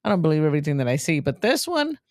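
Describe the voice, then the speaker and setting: A woman's voice: low-pitched, sing-song, racing, dry recording, studio quality. A middle-aged woman co-hosting a podcast in casual chat, teasing and laughing often. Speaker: podcast co-host.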